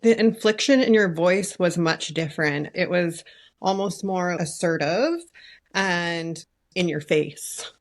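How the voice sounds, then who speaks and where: A woman co-hosts a podcast in a slow, thoughtful way. She speaks at a very unhurried pace, with a somewhat low voice. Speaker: podcast co-host. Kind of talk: casual conversation.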